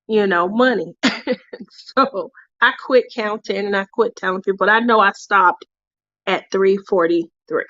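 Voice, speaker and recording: A woman's voice: mid-range voice, fairly bright tone, no room sound, dull audio. A woman hosting a casual crafting livestream who tells stories in a chatty way and laughs often. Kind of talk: casual chat while crafting.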